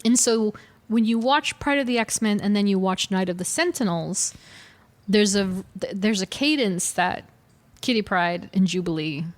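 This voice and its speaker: A woman in her forties co-hosting a casual podcast chat, telling stories animatedly and correcting herself as she goes. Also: mid-range voice. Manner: animated storyteller, quick self-corrections. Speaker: podcast co-host.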